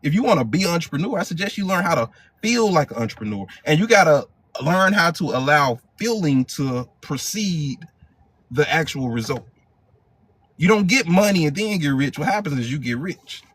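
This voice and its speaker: A man's voice: fairly high pitch, lively intonation, normal speed, fairly bright tone, husky. Emphatic man coaching in casual slang. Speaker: hypnotherapy coach. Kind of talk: live motivational training.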